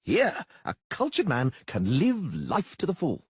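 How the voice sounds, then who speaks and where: A man's voice: on the high side, huge pitch swings, unhurried, husky, no echo, voice pushed up, full character voice. A man doing a flamboyant, theatrical bard. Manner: theatrical, exclaiming. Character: flamboyant vain young male bard. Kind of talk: audiobook character voice.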